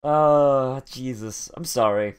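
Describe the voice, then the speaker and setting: A man's voice: medium pitch, slow, clear, resonant tone. A man giving profane, sarcastic watch-along commentary on an anime, mock-angry and swearing often. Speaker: anime reactor.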